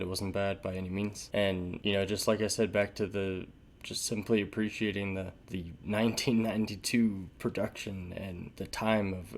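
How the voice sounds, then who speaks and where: A man's voice: lowish voice, a little mellow. A man hosting a music reaction, chatting casually and with enthusiasm, rambling and laughing often. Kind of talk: casual album reaction commentary. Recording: music playing in the background.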